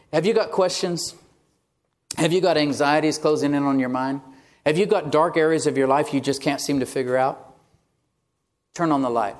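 A man's voice: on the high side, a little mellow. A male pastor delivering a sermon, telling a story in a conversational way and reading quoted passages aloud.

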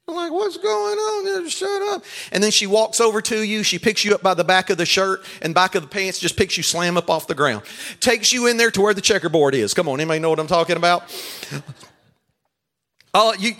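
Male preacher, high voice, comic call-and-response sermon style. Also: bright, forceful tone. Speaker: pastor leading a marriage seminar.

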